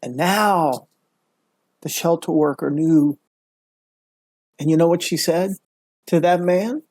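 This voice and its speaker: A man's voice: on the high side, slow, darkish tone, no echo. A man who is a guest speaker on a podcast, telling a story in an emphatic, earnest way. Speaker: guest, mental health speaker.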